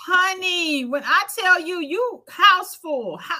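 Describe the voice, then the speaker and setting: A woman's voice: very high-pitched, lively intonation, takes it slowly, bright, forceful tone. A woman, co-hosting a casual podcast chat, teasing playfully and exclaiming often. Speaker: co-host.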